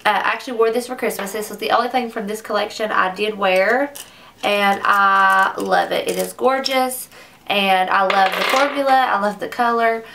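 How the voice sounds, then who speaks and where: A woman's voice: medium pitch, moderate pace, creaky, sharp tone, recorded from a distance, slight background noise. A young woman reviewing makeup in a casual, gushing way, often saying "like," in a makeup room at home. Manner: chatty, gushing, says "like" often. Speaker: beauty vlogger.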